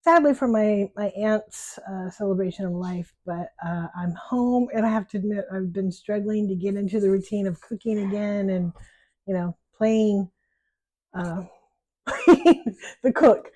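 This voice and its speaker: Friendly American woman hosting a home cooking vlog, chatty and self-deprecating, warm tone, dry recording. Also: mid-range voice, moderate pace, no room sound. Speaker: home cook. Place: home kitchen.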